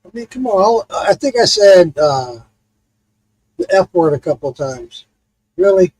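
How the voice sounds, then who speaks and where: A man hosting a livestream with a high, lively voice that swings up and down a lot. His tone is husky and mellow, and he tells animated stories, swearing freely. The sound is dry, with no room echo. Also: measured pace. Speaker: livestream host. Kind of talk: casual chat.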